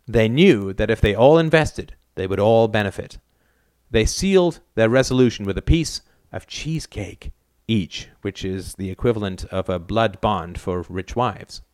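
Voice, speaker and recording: Male audiobook narrator, wry and dry, low voice, dead-dry sound. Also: animated, moderate pace, darkish tone, no echo. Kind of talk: novel narration.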